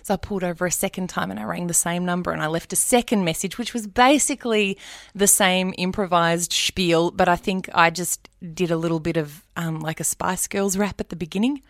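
An Australian woman in her forties telling a personal story in a casual interview, expressive and animated as she acts out her own thoughts. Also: fairly low pitch, brisk, creaky, hardly any pauses, no room sound, clean studio sound. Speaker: guest, radio announcer.

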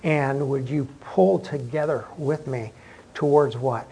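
A man's voice: mid-range voice, steady tone, slow pace, vocal fry, dark tone, breathy edge, low-quality recording. A man preaching a sermon to a congregation in a church room, talking conversationally with frequent restarts. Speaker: pastor.

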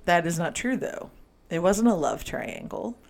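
A woman with a notably low voice co-hosts a relaxed film chat. She is animated, laughs easily and jumps in over her co-host. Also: a little slow, vocal fry. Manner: animated, laughs often, cuts in. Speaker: podcast co-host. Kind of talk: casual movie review chat.

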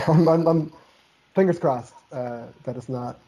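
A man's voice: a little high, slow, warm tone, rough recording. A man from Canada chatting casually on a podcast, rambling and loose with lots of "like" and offhand swearing. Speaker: podcast co-host. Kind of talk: casual chat.

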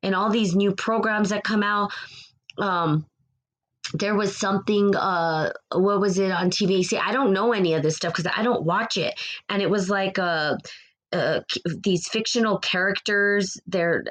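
A woman's voice: mid-range voice, measured pace, low-quality recording. A woman speaking to her followers in a casual spiritual monologue, passionate and rambling, repeating herself as she gets preachy.

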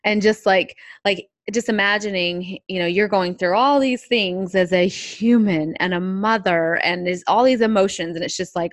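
A woman's voice: mid-range voice, moderate pace, fairly bright tone, no echo. Enthusiastic woman from Southern California, dry sound. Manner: enthusiastic, gushing. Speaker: podcast co-host. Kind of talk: casual podcast chat.

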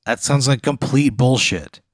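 A man's voice: mid-range voice, a little slow, no echo, studio quality. A man playing along in a hypothetical, answering bluntly with lots of swearing and stammered restarts. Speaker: player in a hypothetical game. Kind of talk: casual banter.

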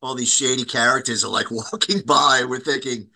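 Man with a very bright voice. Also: medium pitch, moderate pace, gravelly. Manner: relaxed, filler-heavy storytelling. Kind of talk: casual chat.

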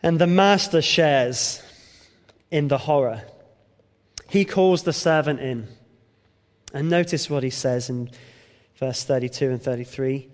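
A man's voice: mid-range voice, a little slow, pauses often, big-room sound. A man preaching a sermon, explaining a scripture passage with emphatic rhetorical questions and some restarts.

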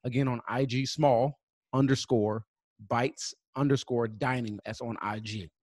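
Man reading sponsor shout-outs. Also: medium pitch, steady tone, dry recording, clean studio sound. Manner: spells out web addresses slowly, many fillers. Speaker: podcast co-host.

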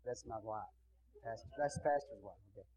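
A man's voice: mid-range voice, brisk, darkish tone, no room sound, dull audio. A male pastor preaching and praying before his congregation, talking in a folksy, chatty way with asides to the people in the pews. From Texas. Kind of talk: sermon and prayer.

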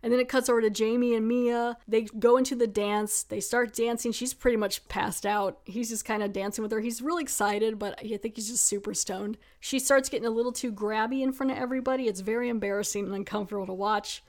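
A woman's voice: fairly high pitch, steady tone, brisk, few pauses, darkish tone. A young adult woman casually recapping a horror film she has watched. She talks in a chatty way with lots of "like" fillers and wry asides. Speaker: movie reviewer.

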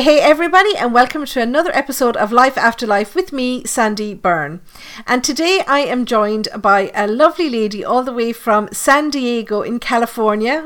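A woman's voice: on the high side, fairly bright tone. A woman with an Irish accent hosting a podcast interview in a chatty, jokey way, often laughing. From Ireland. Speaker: podcast host. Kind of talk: casual interview chat.

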